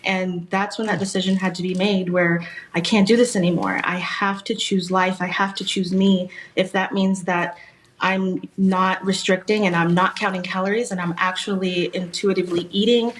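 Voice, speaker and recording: A woman's voice: lowish voice, level tone, slight background noise. A woman in her thirties, an author and fitness blogger, answering interview questions in an earnest, heartfelt way. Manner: earnest, heartfelt, slow emphasis.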